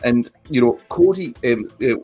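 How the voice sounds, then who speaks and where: Man, husky voice, animated sweary rant, faint music underneath. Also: mid-range voice, fairly quick. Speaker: podcast co-host. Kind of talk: casual chat, film review.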